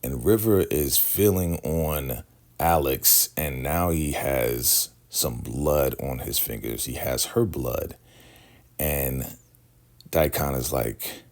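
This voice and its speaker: Very deep gravelly man recapping TV. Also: slow pace. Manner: animated, slangy, acts out the lines. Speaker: TV recap creator. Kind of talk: casual TV episode recap.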